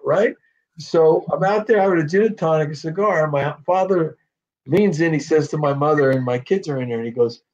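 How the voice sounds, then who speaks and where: A middle-aged man spins lively personal stories in a relaxed interview, slipping into the voices of the people he quotes. His voice sits fairly high for a man, and the recording sounds dull and lo-fi. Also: moderate pace. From North Jersey. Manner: animated anecdotes, acts out quoted voices, frequent "you know". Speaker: actor guest. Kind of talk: casual storytelling interview. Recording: dull lo-fi audio.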